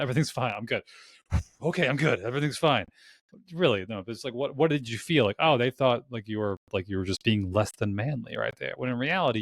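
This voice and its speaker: Young guy hosting a podcast, lowish voice, says like a lot, dry close mic. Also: dry recording. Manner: casual and rambling, heavy use of "like". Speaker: podcast host. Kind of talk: conversational podcast interview.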